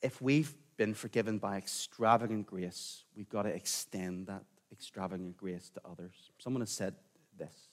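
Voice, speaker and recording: A man preaching a sermon in a conversational way, sometimes dropping to a quiet, intense tone. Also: lowish voice, fairly even intonation, moderate pace. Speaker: pastor.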